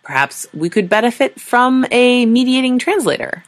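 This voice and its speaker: A woman's voice: a little high, lively intonation, normal speed, dry recording, voice pushed up, natural voice. A woman voicing a weary, exasperated diplomat who speaks in a dry, sardonic way.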